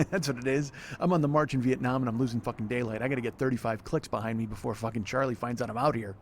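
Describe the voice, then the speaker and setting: A man's voice: mid-range voice, steady tone, fast. A man hosting a solo podcast outdoors by an apartment pool, frustrated and swearing as he rambles. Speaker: podcast host. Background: wind and planes overhead.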